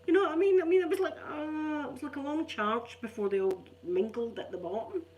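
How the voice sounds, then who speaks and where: A woman's voice: high-pitched, fairly quick, muffled recording, background noise. Chatty middle-aged Scottish woman. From Scotland. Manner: rambling, chatty, self-mocking. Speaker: ASMR channel host. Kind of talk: casual chat.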